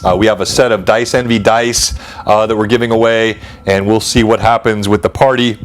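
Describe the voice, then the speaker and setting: A man's voice: on the low side, fairly even intonation, brisk, faint music behind. A man hosting a streamed tabletop game as game master, emotional and stunned after a character's death.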